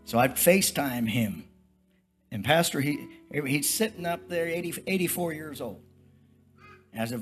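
A man's voice: a little high, animated, moderate pace, soft background music. An older man preaching a testimony-style sermon, telling stories in a folksy, rambling, repetitive way. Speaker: traveling preacher.

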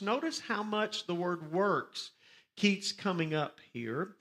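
A man's voice: high-pitched, lively intonation, unhurried, a bit bright. A man teaching a Bible study sermon, reading scripture with rising emphasis and telling listeners to underline words. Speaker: pastor.

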